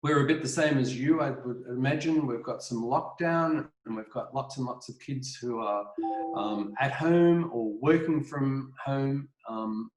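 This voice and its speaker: A man's voice: medium pitch, measured pace, few pauses. Australian male presenter, chatty webinar talk full of ums and restarts, echoey kitchen over a computer mic. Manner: rambling, many fillers and restarts, apologetic. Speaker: webinar presenter, art educator. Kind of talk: casual online presentation. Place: home kitchen.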